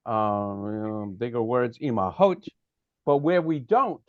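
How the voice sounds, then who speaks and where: A man's voice: fairly high pitch, big pitch swings, measured pace, no room sound, lo-fi sound. A man teaching a prayer study class over a video call, patiently explaining Hebrew text and checking that his students follow.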